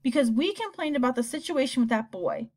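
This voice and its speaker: A woman voicing a protective, defensive middle-aged mother who speaks softly in an audiobook. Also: high voice, expressive, a little fast, voice pushed up. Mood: pleading. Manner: soft, pleading. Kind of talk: audiobook character voice.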